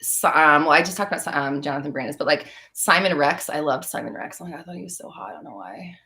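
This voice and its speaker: A woman's voice: sits low, fast, bright, forceful tone. A woman hosting a casual live stream, telling rambling, profane stories and laughing as she reads the chat. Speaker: podcast host answering live chat.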